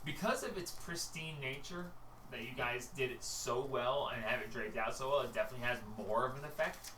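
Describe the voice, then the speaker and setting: A man's voice: medium pitch, fairly quick, sharp tone. A man narrating as game master of a tabletop game, rambling with frequent ums and likes. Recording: echoey room, mic at a distance, faint noise.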